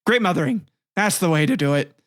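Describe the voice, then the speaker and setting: A man's voice: a little high, fairly bright tone, no room sound, studio quality. A man hosting a casual history podcast, retelling myths with crude jokey asides and frequent laughs. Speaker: podcast host.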